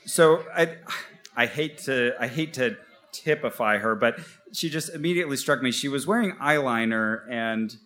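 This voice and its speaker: A man co-hosting a live podcast, telling a story on stage in a wry, animated way with mock quotes. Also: medium pitch, moderate pace. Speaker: podcast co-host. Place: stage before a live audience.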